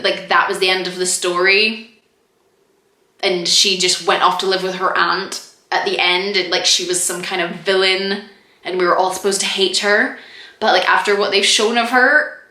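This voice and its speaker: A young woman talks casually into the camera about a series she just watched, her voice bright and forceful. She fills her talk with "like" and acts out lines in mock voices between little laughs. The room around her rings with echo. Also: mid-range voice. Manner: chatty, lots of "like", quick laughs and mock quotes. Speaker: TV review vlogger. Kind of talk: casual review chat to camera. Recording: echoey room.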